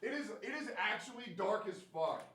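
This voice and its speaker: Young male streamer, brash and rambling, a bit high-pitched. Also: animated, normal speed, a bit bright, a little hiss or hum. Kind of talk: casual stream chat.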